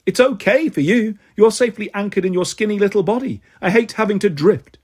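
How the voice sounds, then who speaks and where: A restless ghost schoolgirl who teases and snaps, as a man puts her on in a storybook reading. The tone sits a touch high with a husky edge. She's bossy and sharp-tongued. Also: a little fast. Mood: sarcastic. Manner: sarcastic, teasing.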